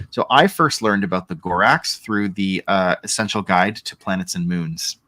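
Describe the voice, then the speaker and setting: A man's voice: deep voice, moderate pace, sharp tone. A man hosting a casual book club chat, reading passages aloud from a novel and breaking off with asides.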